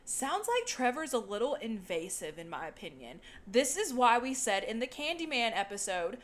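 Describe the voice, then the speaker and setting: A woman's voice: on the high side, very animated, normal speed, slight background noise. A young woman from the United States, co-hosting a podcast in casual chat. She recaps a movie, laughs often and swears casually. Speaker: podcast co-host.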